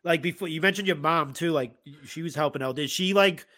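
A man hosts a podcast and reacts to stories with quick, exclaiming remarks. His voice is fairly high and very bright and sharp. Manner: reactive, exclaiming, short interjections. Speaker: podcast host. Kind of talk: casual interview chat.

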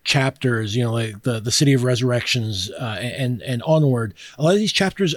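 A man's voice: mid-range voice, animated, brisk, dry recording. A man hosting a podcast in a casual, chatty way, reading passages aloud and laughing easily with plenty of fillers and restarts. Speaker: podcast host.

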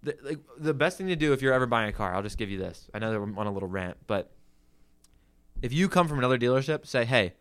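Young man, from the Philadelphia area, rapid casual podcast talk, clear smooth voice, swears a lot. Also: mid-range voice, lively intonation. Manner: ranting, swears freely, lots of "like". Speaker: podcast co-host, car salesman.

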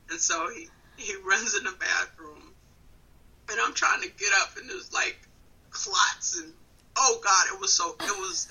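A woman from Wisconsin, a comedian in her thirties, telling a story in casual chat on a phone call, animated and laughing often. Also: on the low side, gravelly, slightly rough. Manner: animated, laughing often, swings between loud and quiet. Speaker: comedian guest.

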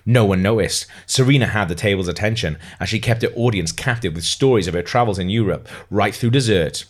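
Low-voiced man reading a novel aloud. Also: fairly quick. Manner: amused, breaks off to comment and laugh. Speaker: reader.

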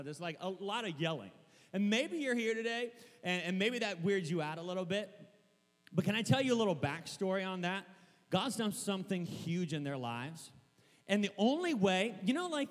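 Young guy preaching, kinda high voice, trips over his words a lot, gets loud fast, echoey church hall. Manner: rambling and excitable, stumbling restarts, bursts into shouting. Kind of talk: sermon.

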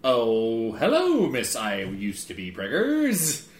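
A man's voice: mid-range voice, huge pitch swings, slow pace, echoey room. A young man hosting a casual drinking game with friends, swearing and groaning through a hot sauce dare. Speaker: host. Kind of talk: casual chat while playing a drinking game.

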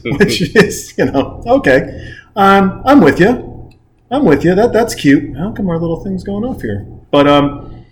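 Animated man acting out movie scenes. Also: high voice, measured pace, slight background noise. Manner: animated, acts out movie scenes with shouted curse-laden lines. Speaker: podcast co-host. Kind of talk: casual movie-review chat.

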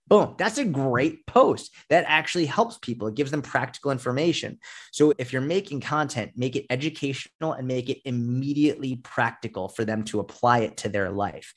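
A man's voice: mid-range voice, normal speed. Blunt, profane male fitness coach. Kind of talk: casual podcast interview.

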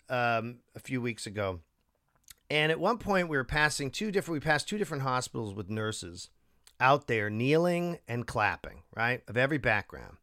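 A man talking casually as a co-host, swinging his pitch widely as he gets worked up. He digresses and restarts often, and his voice is recorded dry and close. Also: clean tone, dry recording. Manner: animated, emotional, digressive with many restarts. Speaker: podcast co-host. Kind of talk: casual political chat.

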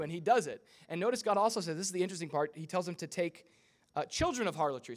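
A young man preaching a sermon in a casual, humorous way, acting out quick voices as he goes. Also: sits high, big pitch swings. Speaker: pastor.

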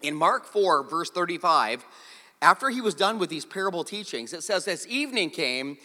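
Animated guy preaching, bright sharp voice, long hall echo. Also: on the high side, normal speed. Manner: animated storytelling with jokes. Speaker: pastor. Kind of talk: sermon.

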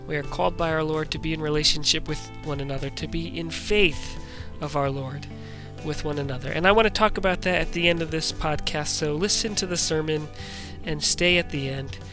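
High-voiced pastor in echoey hall. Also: male voice, fairly even intonation, brisk, few pauses, over music. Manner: conversational with frequent ums and restarts. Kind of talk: sermon.

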